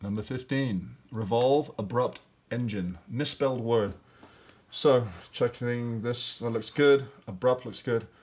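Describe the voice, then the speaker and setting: A man's voice: mid-range voice, unhurried, a little mellow. A male teacher walking through grammar and spelling exercises step by step, thinking aloud with fillers. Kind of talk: classroom lesson walkthrough.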